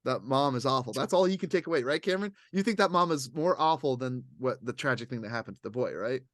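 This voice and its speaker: This man co-hosts a podcast, speaking quickly at medium pitch in a casual conversation. He rambles with animation and acts out others' words, captured in a dry, studio-quality recording.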